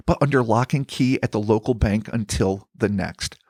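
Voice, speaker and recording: A man's voice: on the low side, normal speed, a little mellow, no echo, clean studio sound. A man co-hosting a podcast, reading a paranormal story from a script and breaking off into wry, profane banter. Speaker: podcast co-host.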